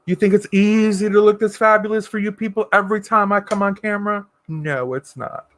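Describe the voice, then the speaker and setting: A man hosting a casual livestream, reading viewer comments aloud and answering in a sassy, campy way with drawn-out endearments. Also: high-pitched, a bit bright, no room sound. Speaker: livestream host.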